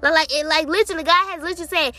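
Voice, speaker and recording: A woman's voice: extremely high pitch, rapid-fire, soft background music. Chatty young woman with drawl. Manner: chatty, excitable, many fillers, quotes God in dialogue. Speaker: Christian speaker sharing testimony. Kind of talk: casual spiritual testimony.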